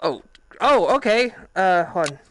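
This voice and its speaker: A woman with a Boston accent giving casual, profane, excitable commentary while playing a VR game. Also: fairly low pitch, a little slow. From Boston, USA. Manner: profane, excitable, thinking aloud. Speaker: VR game streamer. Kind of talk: casual let's-play commentary.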